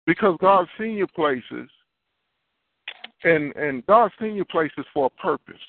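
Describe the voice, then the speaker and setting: Over a dry, tinny phone-line recording with a little hiss or hum, a prophet preaches in a fairly high, animated, unhurried male voice. His sermon is earnest and confessional, and he repeats key phrases along the way.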